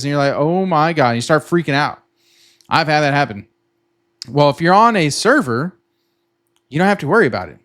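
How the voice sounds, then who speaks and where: A middle-aged man explaining a tech tool to viewers in a casual, rambling way, restarting often and acting out his own panicked reactions. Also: on the high side. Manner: chatty, repeats himself, acts out his own panicked reactions. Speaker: trading content creator. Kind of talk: casual explainer with sponsor pitch.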